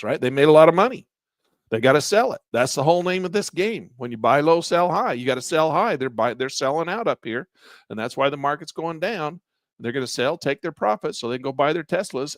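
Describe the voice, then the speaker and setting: A man's voice: medium pitch, no room sound, clean studio sound. Folksy man teaching stock chart trading. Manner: casual, folksy, talks while pointing at charts. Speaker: trading instructor. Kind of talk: live online trading class.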